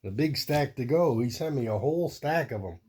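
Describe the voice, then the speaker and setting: Here the host, a man of medium pitch with a slightly rough, somewhat mellow voice, chats with lively intonation at a moderate pace. He rambles casually through a comic collection show-and-tell, thinking aloud as he flips through each book.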